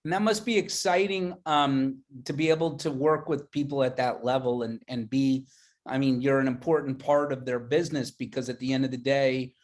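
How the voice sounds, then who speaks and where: A man's voice: medium pitch, steady tone, normal speed. Male interviewer asking rambling questions. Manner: enthusiastic, hedging questions with many fillers. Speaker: interview host. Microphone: video call.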